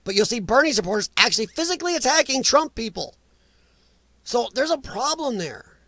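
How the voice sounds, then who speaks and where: High-voiced man ranting on a stream. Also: sing-song, brisk, bright, forceful tone, dry recording. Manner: opinionated, ranting, blunt. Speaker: live stream host. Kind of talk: casual live-stream chat reading comments.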